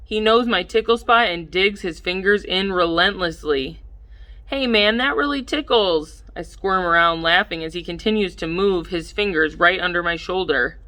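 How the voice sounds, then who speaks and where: A woman narrating a first-person audiobook at a measured pace, her voice slightly low yet very bright and forward. She lifts her delivery whenever the characters speak. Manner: measured, lively in dialogue.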